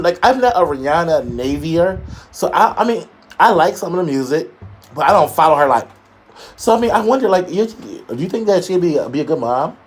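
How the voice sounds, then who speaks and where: A man's voice: expressive, a little fast, slightly rough. Sassy, shady man dishing gossip. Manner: sassy, shady, emphatic with big pitch jumps. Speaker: co-host. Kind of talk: casual gossip chat.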